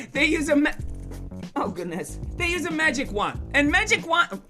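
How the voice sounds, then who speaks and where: A man performing a playful, animated magic show for schoolchildren over a video call, teasing and cheering the kids on. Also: very high voice, measured pace, over music. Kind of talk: virtual kids' magic show.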